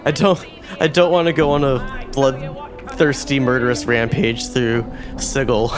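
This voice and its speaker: A man's voice: medium pitch, steady tone, a little slow, music in the background. A man hosting a let's play, reacting playfully as he reads through a game. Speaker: host.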